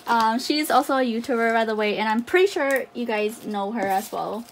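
A woman's voice: fairly high pitch, expressive, normal speed, a little hiss or hum. A woman talking casually while unboxing a haul for her channel, gushing with exclamations and fillers. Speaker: YouTuber unboxing a photocard haul.

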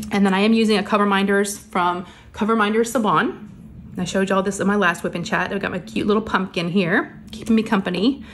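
A middle-aged woman, chatting casually while crafting in her craft room, a little out of breath and under the weather, rambling with many fillers. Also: medium pitch. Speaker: crafting vlogger. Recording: faint background hum of printers.

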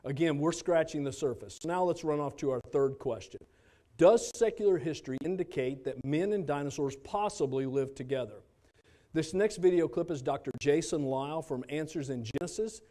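Mellow-voiced man teaching a congregation. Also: on the high side, normal speed. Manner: conversational with wry asides. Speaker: church speaker.

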